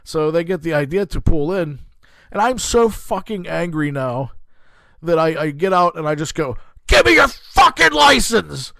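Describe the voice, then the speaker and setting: A man's voice: a little high, moderate pace, no echo. A man hosting a podcast, telling a rambling, profane story in a heated, casual way. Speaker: podcast host.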